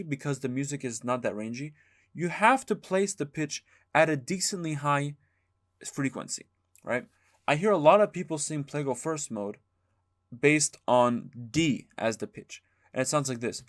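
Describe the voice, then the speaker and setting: Man teaching chant, singing examples. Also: on the high side. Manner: explains calmly, breaks into chanted syllables. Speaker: music teacher. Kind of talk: spoken lesson with sung demonstrations.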